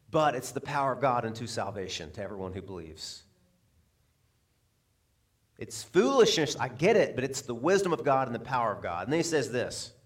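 A man preaching a sermon in a lively way, asking the crowd rhetorical questions and chuckling between points. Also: fairly high pitch. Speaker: pastor.

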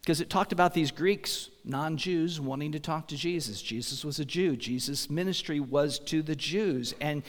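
A man's voice: on the high side, moderate pace, few pauses, big-room sound. A man pastor giving a sermon, telling stories in a conversational way and asking the congregation questions.

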